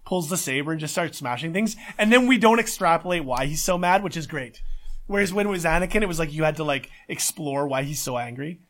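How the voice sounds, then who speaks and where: A man co-hosting a casual podcast, talking in an excitable, emphatic way and swearing often. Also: a little high, fairly quick. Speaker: podcast co-host.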